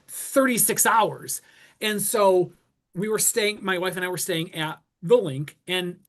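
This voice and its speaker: A man co-hosting a casual talk show, telling stories and breaking into quoted voices. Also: high-pitched. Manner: animated, swings into quoted voices. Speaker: podcast co-host. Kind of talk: casual storytelling chat.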